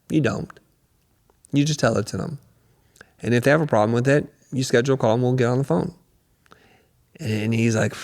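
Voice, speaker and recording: Middle-aged male guest, gravelly, animated storyteller, reverberant hall sound. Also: medium pitch, a little fast. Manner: animated storyteller, acts out quotes. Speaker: guest, creative business coach. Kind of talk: podcast interview storytelling.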